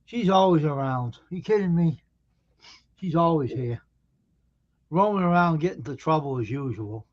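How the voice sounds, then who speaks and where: A man's voice: a little high, lively intonation, moderate pace, long pauses. A man hosting a casual live stream, sleepy and yawning, grumbling about the weather. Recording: dull lo-fi stream audio.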